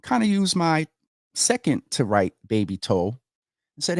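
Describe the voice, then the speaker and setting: Animated earnest man hosting a show. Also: fairly high pitch, measured pace, creaky, no echo, clean studio sound. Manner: earnest, animated, addresses viewers as y'all. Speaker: host of a community talk show. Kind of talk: casual livestream commentary.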